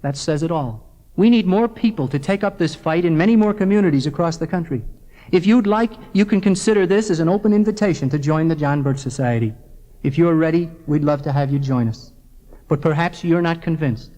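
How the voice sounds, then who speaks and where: On an old 1970s film soundtrack full of long reverb, a middle-aged man with a slightly high, mellow voice serves as presenter for an organization's film. Addressing the viewer directly, he gives a scripted persuasive lecture that is earnest and measured.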